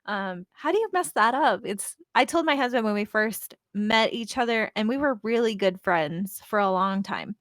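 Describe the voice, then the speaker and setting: A woman's voice: mid-range voice, animated, moderate pace, hardly any pauses, fairly bright tone, dry recording, studio quality. A middle-aged woman telling stories in a casual chat and laughing often. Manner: giggly storyteller, laughs often.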